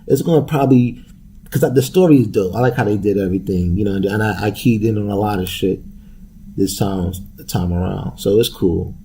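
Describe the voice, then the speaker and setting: Gravelly, profane young podcast host. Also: male voice, fairly low pitch, a little fast, warm tone, a little hiss or hum. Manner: loose, profane, laughing, street slang. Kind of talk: casual profane rant.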